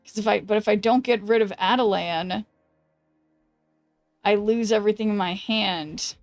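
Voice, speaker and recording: A woman streamer chatting casually while she plays a card game, thinking aloud and greeting viewers, with a voice that is going hoarse. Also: medium pitch, moderate pace, no room sound, soft background music. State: losing her voice. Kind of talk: casual gameplay commentary.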